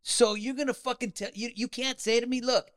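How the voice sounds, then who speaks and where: A man's voice: very high voice, fairly even intonation, brisk. A man hosting an interview, talking emphatically and swearing freely. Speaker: host. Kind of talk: interview conversation.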